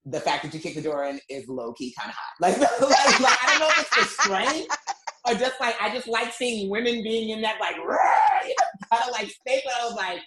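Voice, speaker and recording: A woman's voice: a little high, animated, fairly quick, noisy background. A woman co-hosting a podcast as a relationship coach, talking frankly and reflectively with playful asides. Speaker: podcast co-host, non-monogamy coach. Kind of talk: candid podcast conversation. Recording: echoey room.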